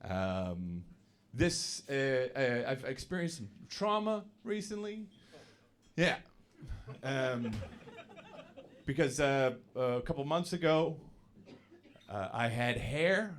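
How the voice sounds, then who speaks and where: A young Canadian man with a Canadian accent doing a stand-up set on a club stage, halting and full of fillers and restarts. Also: mid-range voice, animated, slight background noise. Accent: Canadian English. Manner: halting, filler-heavy delivery with repeated restarts. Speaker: stand-up comedian. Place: comedy club stage with laughing audience.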